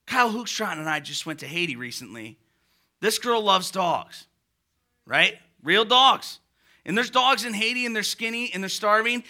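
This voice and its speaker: A male pastor preaching a sermon in an animated, conversational way with rising emphasis. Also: high voice.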